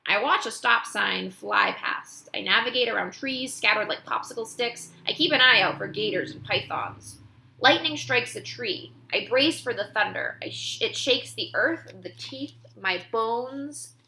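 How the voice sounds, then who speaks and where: A woman reads a children's novel aloud with an animated, expressive delivery. Her voice is bright with a creaky edge. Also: on the high side, a little slow. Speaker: audiobook reader.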